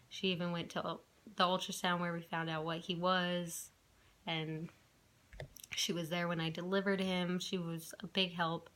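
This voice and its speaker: A woman's voice: on the low side, little pitch movement, measured pace, a bit bright. A young woman telling a personal story to her camera in a chatty way, with many fillers and restarts. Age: young adult. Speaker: vlogger.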